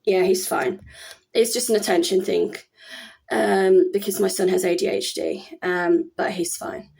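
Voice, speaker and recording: A woman's voice: lowish voice, steady tone, measured pace, gravelly, darkish tone. A woman in her thirties talking casually at home about her own experience, rambling and chatty with many fillers and restarts. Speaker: vlogger. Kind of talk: casual personal talk to camera.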